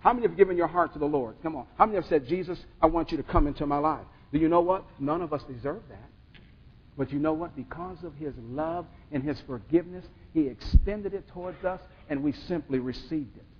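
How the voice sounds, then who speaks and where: Husky preaching man in a reverberant hall. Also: on the high side, brisk. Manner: call-and-response preaching, rising to emphatic bursts. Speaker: pastor. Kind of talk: sermon. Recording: dull sound with long hall reverb.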